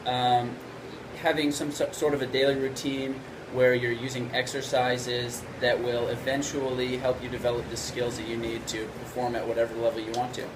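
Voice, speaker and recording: A man walks through trumpet basics in a calm, conversational teaching voice, often pausing to ask "right?". His pitch sits in a middle range. A clear hum of air conditioning runs under the whole recording. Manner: relaxed explaining, frequent "right?" checks. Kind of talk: instructional video lesson.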